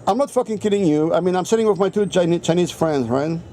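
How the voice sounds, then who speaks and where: Talking fast in a high, warm voice, a vlogger spins a rambling, foul-mouthed anecdote, cursing nonstop in a casual storytelling rant. A little background noise can be heard.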